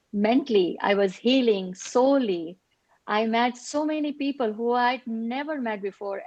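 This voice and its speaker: A woman's voice: medium pitch, no echo. Woman on a zoom call, emotional and grateful, kinda muffled, dry sound. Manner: heartfelt, grateful, gets emotional. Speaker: participant sharing a healing story. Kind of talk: emotional testimonial on a video call. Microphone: video call.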